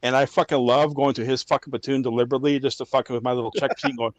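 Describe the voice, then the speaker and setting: A man's voice: medium pitch, fairly even intonation, racing, no echo, highs cut off. A man who is a former army drill sergeant, telling blunt, profane stories in a casual podcast chat.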